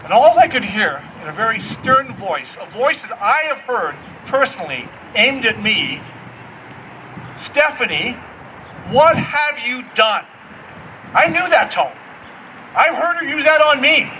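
A middle-aged man preaching a storytelling sermon as pastor, animated and acting out the voices in his stories. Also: extremely high pitch, moderate pace, far from the mic, slight background noise, rough recording.

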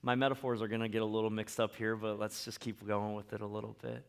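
A man's voice: lowish voice, little pitch movement, fast, vocal fry, clear, resonant tone. A man preaching a sermon in a conversational way, often checking in with the listeners and making playful asides. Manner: conversational preaching with frequent tag questions. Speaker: pastor.

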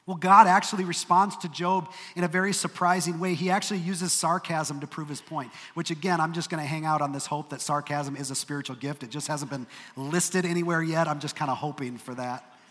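Pastor preaching in a reverberant hall. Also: male voice, a little high, steady tone, fairly quick, pushed and bright. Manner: emphatic, with dry humorous asides. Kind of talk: sermon. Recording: long reverb of a large hall.

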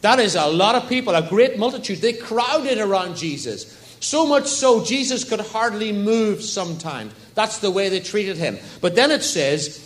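A man's voice: high voice, lively intonation, moderate pace. A man preaching a sermon in a church service, telling stories and asking the congregation rhetorical questions. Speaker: pastor.

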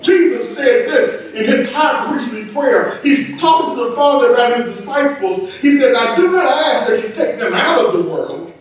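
A man preaching a sermon as pastor, emphatic and rising, with quick asides and laughter, in a church sanctuary. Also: extremely high pitch, animated. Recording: echoey church hall, from a distance.

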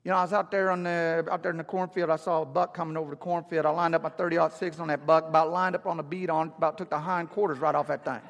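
A man voicing a rough-spoken country hunter with a thick drawl, telling a rambling, rapid hunting story. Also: a little high, level tone, a bit bright, in a large hall, dull audio. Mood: boastful.

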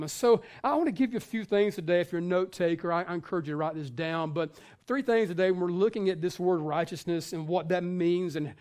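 A man's voice: high-pitched, darkish tone. A male pastor giving a sermon in a conversational way, with many fillers and restarts.

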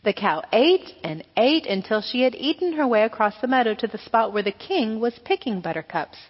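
A woman pastor reading a children's story aloud with expressive storytelling. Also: on the high side, moderate pace, husky. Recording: echoey hall, dull lo-fi sound.

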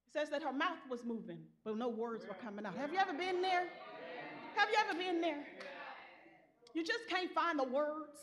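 A woman preacher delivering an impassioned sermon, swinging from soft, low passages to loud, rising calls. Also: expressive, brisk.

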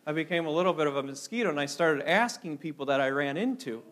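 Casting: high-pitched male pastor from Minnesota, animated storyteller, sermon in a church. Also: fast. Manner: animated storytelling with repeated restarts.

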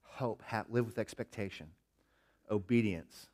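A man in his thirties preaches to his congregation. He tells stories with animated energy and acts out the voices of the people in them. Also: on the low side, a little slow. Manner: animated storytelling with acted-out quotes. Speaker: pastor. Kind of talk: sermon.

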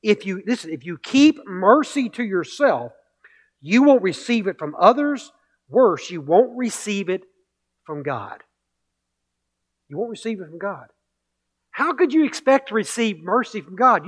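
A man's voice: high voice, sing-song, unhurried, long pauses. A male pastor preaching a sermon, emphatic, repeating key phrases and building with rhetorical questions.

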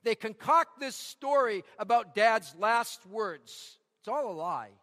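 Male pastor, high bright voice, emphatic repetition, church hall reverb. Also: animated, slow pace. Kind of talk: sermon.

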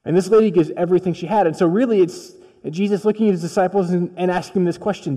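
Dark-toned male preacher in a reverberant hall. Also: high-pitched, fairly even intonation, fast talker. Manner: conversational storytelling that acts out dialogue. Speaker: pastor. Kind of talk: sermon. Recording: long reverb of a large hall.

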